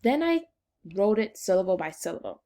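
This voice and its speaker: A woman teacher leading a phonics lesson for children, slowly and encouragingly sounding out syllables. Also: medium pitch, very animated, warm tone.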